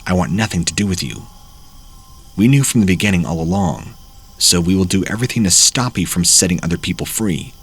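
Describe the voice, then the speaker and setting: A man's voice: deep voice, animated, brisk, husky, heavily acted. A man reading as a possessed young man, menacing. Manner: menacing, threatening. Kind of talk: horror story narration.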